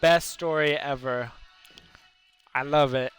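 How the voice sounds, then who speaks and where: Streamer type, male, bright, a bit high, rambling chat to viewers mid-game. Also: fairly even intonation, slow pace, clear, resonant tone, faint music behind. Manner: rambling, reads out and answers chat. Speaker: gaming livestreamer. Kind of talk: casual chat over gameplay.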